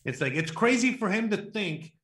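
Male co-host, rambling and profane, slightly higher pitch. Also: animated, normal speed, fairly bright tone. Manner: rambling, lots of fillers, crude swearing. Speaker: podcast co-host. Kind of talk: casual chat.

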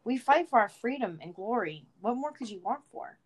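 A woman's voice: fairly high pitch, expressive, normal speed, husky. A woman voicing a blunt, loyal young male desert warrior as she reads a story aloud, in an earnest, mildly heightened tone. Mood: pleading.

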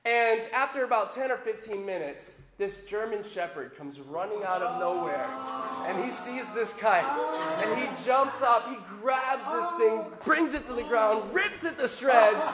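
A man with a very high, light voice preaches an animated sermon, pressing his points with emphasis as a pastor. The recording has a roomy echo around him. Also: unhurried, heavy background noise. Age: adult with young children. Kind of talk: sermon with personal storytelling.

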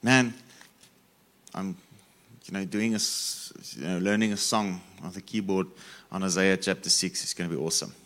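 A man's voice: low-pitched, steady tone, normal speed, long pauses, fairly bright tone. A man preaching a sermon, repeating phrases and stressing key words as he reads scripture.

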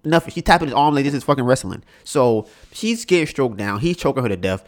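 A man hosting a podcast, telling stories in an animated, profane way and often asking "right?". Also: mid-range voice, fast talker. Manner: animated, profane storytelling with many rhetorical "right?"s. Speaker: podcast host. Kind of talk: casual chat.

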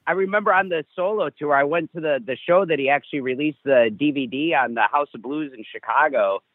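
A male guest speaks with eager enthusiasm about favorite songs, his voice slightly high. He comes through a narrow, tinny phone line with a dry, close sound. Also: fairly quick, no room sound. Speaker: guest musician. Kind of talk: casual interview chat.

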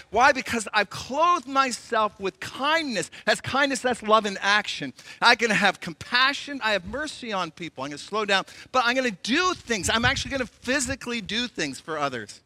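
Animated high-voiced male pastor preaching. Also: no room sound, big-room sound. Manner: animated storytelling, acts out voices. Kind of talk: sermon.

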